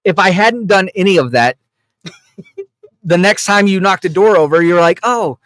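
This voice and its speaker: A man's voice: sits high, normal speed, fairly bright tone, dry recording. A man who is a veteran guest on a podcast, answering in a dry, understated way. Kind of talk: casual podcast chat.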